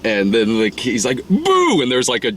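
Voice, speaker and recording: A man co-hosting a casual movie review chat, rambling and swearing, often laughing and putting on high voices to act out scenes. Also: steady tone, quick pace, slight background noise. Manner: rambling, profane, laughs often, acts out lines in falsetto. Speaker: podcast co-host reviewing a movie.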